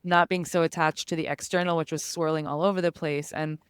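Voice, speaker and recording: Woman podcast host, quick casual chat, very clear smooth voice, dry close sound. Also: low voice, fairly even intonation, no echo. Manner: chatty, frequent "like" fillers. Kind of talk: casual conversational interview.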